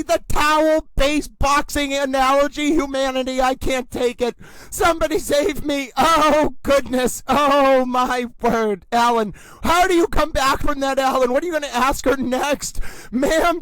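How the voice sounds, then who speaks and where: A man hosting a live trial reaction show, with over-the-top exclamations that burst into shouts like a boxing announcer, calling out to his viewers. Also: very high-pitched, normal speed. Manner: repeats catchphrases, addresses viewers directly. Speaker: host, trial commentator.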